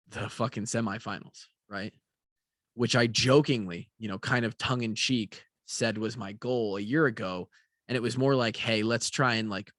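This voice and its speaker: A yawning, worn-out young vlogger rambles casually on camera, swearing loosely and leaning on fillers. His voice is fairly low with a fairly bright tone, and no room sound comes through.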